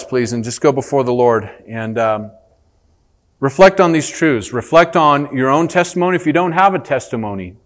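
A man preaching a sermon as pastor in a church, earnest and emphatic, turning animated when he tells a story. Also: medium pitch.

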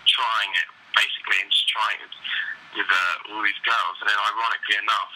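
Chatty young English man, bright voice. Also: on the low side, steady tone, fairly quick, low-quality recording. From England. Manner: rambling, swears freely, lots of fillers. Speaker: band member. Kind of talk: casual interview chat.

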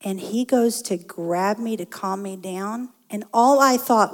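A woman telling a personal story about her marriage in a casual, animated way, often laughing. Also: mid-range voice, a little slow, hardly any pauses.

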